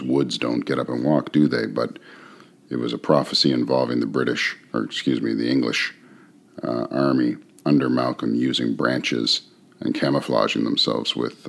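A man giving relaxed, conversational commentary on a play, with frequent fillers and the odd chuckle. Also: rumbling low, creaky. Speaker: literature commentator. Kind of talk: casual spoken commentary on a play.

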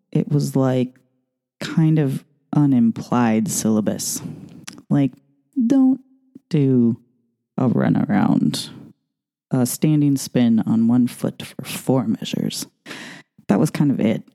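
A woman's voice: a bass voice, slow pace, gravelly, long pauses, mellow. A middle-aged woman, a ballroom dance coach, talking casually in a chatty, rambling way full of asides. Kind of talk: casual monologue.

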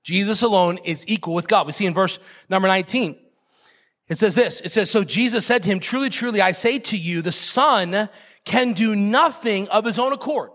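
Preaching at normal speed, a pastor speaks in a high-pitched, fairly bright voice with a big-room sound. His delivery is emphatic, he repeats key phrases, and he jokes with the congregation.

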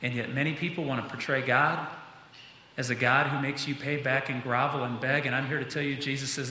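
A man's voice: mid-range voice, steady tone, brisk, pushed and bright, a little hiss or hum. A man preaching a sermon to his church in an earnest manner, building to emphatic peaks. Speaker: pastor. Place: church sanctuary. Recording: echoey hall.

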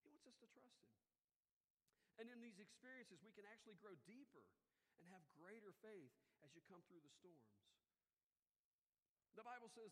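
High-voiced preacher in a reverberant hall. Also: male voice, expressive, a little fast. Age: middle-aged. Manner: conversational preaching, swinging from quiet to loud emphatic peaks. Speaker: pastor. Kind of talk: sermon.

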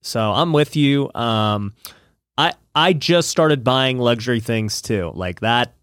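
A man's voice: medium pitch, takes it slowly, a bit bright, clear, resonant tone, no echo, clean studio sound. A man in his thirties hosting a podcast, laid-back and agreeable, saying "dude" a lot. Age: 30s. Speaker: podcast host. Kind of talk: casual podcast chat.

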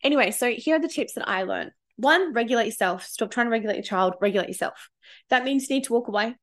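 A woman's voice: on the high side, animated, fast talker. A woman in her thirties, a parenting coach telling personal stories in a casual, candid way, swearing freely and getting emotional. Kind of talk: casual storytelling vlog.

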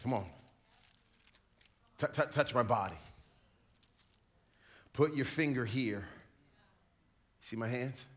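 A preacher voicing a calm, solemn risen male teacher in a low, hushed, coaxing voice. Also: slow pace, pauses often.

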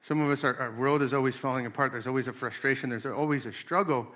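A man's voice: mid-range voice, fast talker. A man in his late thirties talking casually about faith and family, telling stories and acting out voices. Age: 30s. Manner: animated storytelling with acted-out voices.

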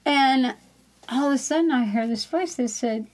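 A woman's voice: high-pitched, normal speed, background noise. A woman co-hosting a casual faith talk show, telling a personal story in a candid, rambling way and laughing often.

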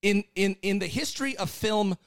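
Excitable high-voiced man, dry sound. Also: normal speed, vocal fry, dry recording. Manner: excited, rambling with many restarts and swearing. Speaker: podcast co-host. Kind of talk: casual podcast segment.

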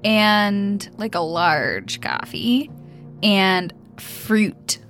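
A woman's voice: mid-range voice, sing-song, very slow, fairly bright tone, soft background music. A woman playing a tabletop game in casual, chatty conversation. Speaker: player.

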